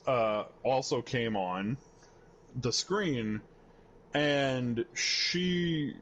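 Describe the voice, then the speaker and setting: Young male podcast host, casual, unhurried delivery, mid-range voice, rambling storyteller. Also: mid-range voice, animated, fairly bright tone, highs cut off. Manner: rambling storyteller, acts out quoted voices, swears freely. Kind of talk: casual chat.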